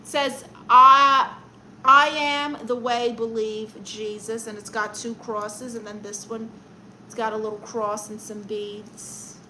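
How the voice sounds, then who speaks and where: A woman's voice: mid-range voice, flat delivery, measured pace, a little hiss or hum, poor audio. A woman with a Brooklyn accent hosting a casual live stream, reading chat comments aloud and roasting viewers in a sassy, playful way.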